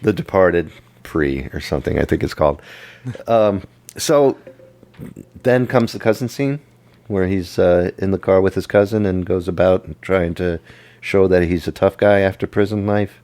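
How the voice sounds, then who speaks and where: A man with a very low voice, talking casually on a movie podcast. He meanders through the story and makes fun of himself as he goes. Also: a little mellow. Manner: rambling, self-mocking recap with quick jokes. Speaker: podcast co-host.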